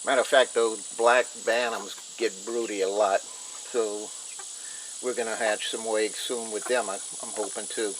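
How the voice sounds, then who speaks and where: A man's voice: on the low side, steady tone, unhurried, rough recording. A man chatting casually to his viewers on a homestead vlog, folksy and plain-spoken, recorded outdoors. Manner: folksy, talks straight to viewers as "y'all" and "guys". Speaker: homestead vlogger. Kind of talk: casual chat to camera. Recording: loud outdoor noise with crickets and insects.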